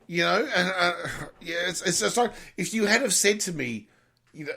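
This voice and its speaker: Aussie guy, kinda high voice, gravelly, jumps all over the place pitchwise, stumbles and swears. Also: expressive, bright, forceful tone. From Australia. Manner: halting, restarts often, swears. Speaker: podcast co-host. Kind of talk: casual chat over cocktails.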